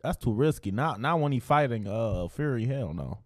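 A man's voice: mid-range voice, expressive, normal speed, no echo, studio quality. A man in casual chat with friends, laid-back and slangy, talking sports. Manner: laid-back, slangy, mimics others in quotes.

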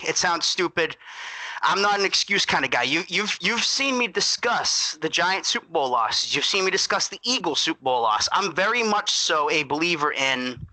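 Excitable man with a sharp bright voice. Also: fairly high pitch, dry recording, low-quality recording. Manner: gushing, excitable, admits being worked up. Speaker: podcast co-host. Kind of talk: excited sports talk.

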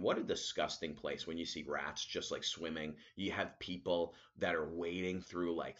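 A man hosting a casual solo podcast, telling a story as an animated rant. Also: rumbling low, lo-fi sound. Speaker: podcast host.

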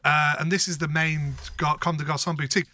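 A man's voice: a little high, fairly quick, slight background noise. A man co-hosting a casual podcast, telling stories with lots of swearing. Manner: animated storytelling, heavy swearing. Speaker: podcast co-host. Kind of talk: casual chat.

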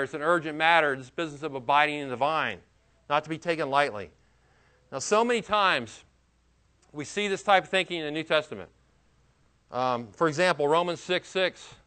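A man preaching a sermon, his voice sitting a little high for a man. He speaks earnestly and with emphasis, breaking off into casual asides and questions to his listeners. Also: sharp tone. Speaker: pastor.

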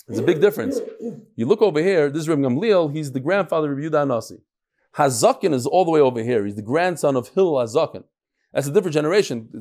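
High-voiced man teaching a Talmud class. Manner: lively, explains in plain talk and acts out the dialogue; peppers English with Hebrew and Yiddish study terms.

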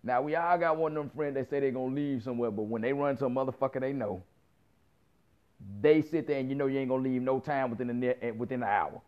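This man talks fast in a clean, medium-pitched voice. In his thirties, he spins a story as a casual rant loaded with slang, cursing and quoted dialogue he acts out, all heard through a muffled lo-fi recording.

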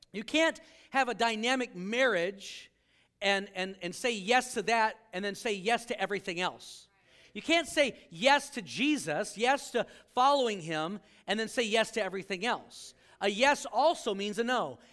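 A man's voice: sits high, a bit bright. A male pastor preaching a sermon to a live congregation, joking and acting out quoted voices as he talks.

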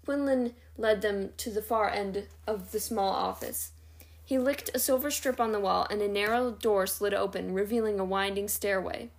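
A woman reading a novel chapter aloud in a steady, even narration. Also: mid-range voice, moderate pace. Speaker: reader.

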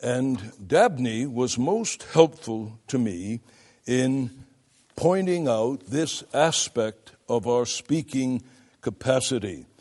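An older man teaching students of preaching in a deliberate, emphatic lecture, stopping to demonstrate vocal effects himself. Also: medium pitch, animated, a little mellow. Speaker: preaching instructor.

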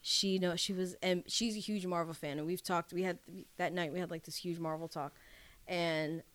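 Low-voiced woman, rambling casual chat. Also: steady tone, moderate pace. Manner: rambling, swearing, restarts often. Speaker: podcast co-host.

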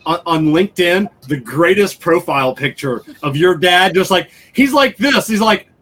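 A man's voice: high-pitched, lively intonation, moderate pace, fairly bright tone. A man hosting a casual interview, teasing his guest with laughter and repeated stumbling words. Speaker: host.

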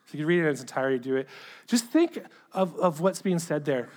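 A man preaching a sermon in an earnest manner, often restarting phrases to press a point and sinking to a hushed tone at the ends of thoughts. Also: a little high, animated, fast. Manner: earnest, repeats words and restarts when stressing a point. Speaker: pastor. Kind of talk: sermon reading a letter aloud.

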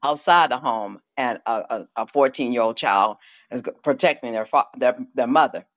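A man in a podcast discussion, hesitant and thinking aloud, with many pauses and fillers. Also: mid-range voice, a bit bright. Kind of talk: opinionated discussion.

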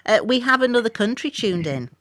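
A woman's voice: fairly high pitch, very animated, fairly quick, a bit bright, slight background noise. A British woman co-hosting a casual chat, wry and chatty with a few mild swears. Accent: British English. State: jet-lagged. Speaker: podcast co-host.

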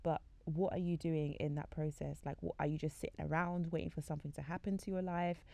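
In a low-sitting, dark voice with vocal fry, a young faith podcast speaker chats fairly quickly in a level tone. She leans on "like" a lot and performs the conversations she describes, recorded dry.

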